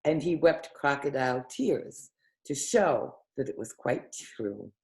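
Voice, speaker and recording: Slow, mellow woman reading a story aloud. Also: a bass voice, gravelly. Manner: gentle, expressive storytelling.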